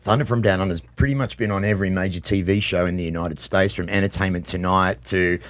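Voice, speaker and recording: A man's voice: low voice, steady tone, quick pace, fairly bright tone. An Australian man, a guest, talking easily in casual chat. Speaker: guest, show performer.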